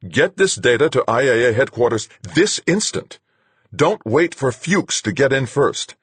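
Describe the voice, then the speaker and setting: A man's voice: medium pitch, lively intonation, unhurried, breathy edge, no echo, voice pushed up. A man voicing a brusque older woman in command who barks out curt orders.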